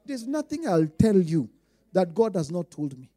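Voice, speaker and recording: A Kenyan man preaching a sermon as pastor, emphatic, repeating lines and swinging between quiet asides and loud declarations. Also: high-pitched, big pitch swings, moderate pace.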